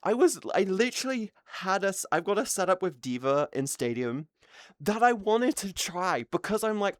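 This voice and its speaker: A woman streaming live, telling a gaming story in a casual, excitable way, swearing often and laughing between words. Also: mid-range voice, normal speed, no room sound, studio quality. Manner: excitable, swears a lot, laughs mid-sentence.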